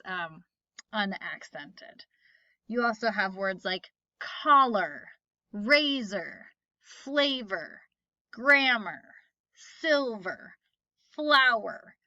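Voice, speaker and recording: A woman teacher recording a phonics lesson, explaining patiently and slowly with example words. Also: on the high side, bright, forceful tone, no echo, muffled recording.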